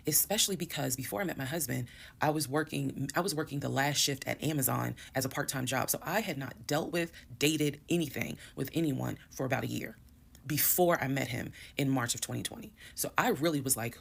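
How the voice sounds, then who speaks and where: A woman vlogger telling her own story to viewers in a casual, animated and emphatic way, swearing bluntly. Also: very deep voice, brisk, vocal fry, slightly rough.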